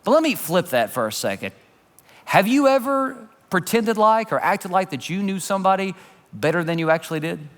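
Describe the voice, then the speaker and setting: A male pastor preaching a sermon in an animated, conversational storytelling manner. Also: fairly high pitch. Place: church sanctuary. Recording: reverberant church hall.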